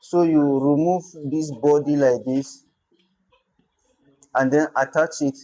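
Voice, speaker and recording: Slow, careful Nigerian-accented language teacher. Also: medium pitch, fairly even intonation, mellow, rough recording. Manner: slow, repeats words for careful pronunciation. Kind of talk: informal language lesson.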